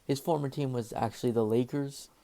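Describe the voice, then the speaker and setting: Brisk and dark-toned, with a medium pitch and fairly even intonation, a young host reads out sports news casually and unscripted. He sounds slightly out of breath, stumbling over fillers and correcting himself often.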